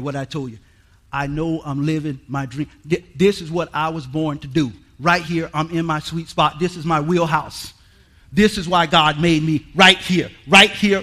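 A man preaching a sermon in a folksy, emphatic way, repeating lines and rising to shouts. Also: a little high. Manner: folksy, colloquial. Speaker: guest preacher.

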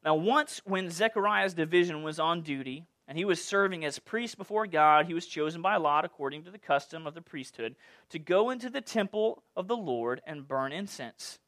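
A man preaching a sermon in a playful, animated way, full of jokes and asides. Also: fairly high pitch, normal speed. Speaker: pastor.

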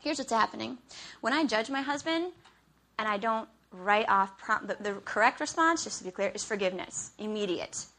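Bright, animated woman preacher. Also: fairly high pitch, normal speed. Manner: conversational, animated when acting out her own frustration; often checks in with "okay?". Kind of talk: sermon.

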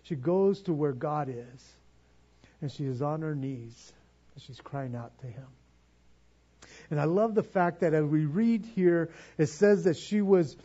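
A man preaching to his congregation with an earnest, pleading manner, doubling back on words as he goes. His voice sits a little high for a man, with a husky, mellow tone. The recording is slightly dull and muffled. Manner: earnest, repeats words when stirred, pleading. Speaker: pastor. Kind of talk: sermon.

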